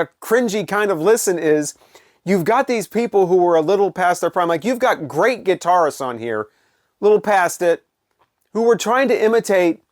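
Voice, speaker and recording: A blunt, opinionated middle-aged man rambling through a casual review, full of fillers, restarts and exasperated asides. His voice sits a little high for a man, and it is recorded close and dry with no room sound. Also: dry recording. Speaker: vinyl collector vlogger.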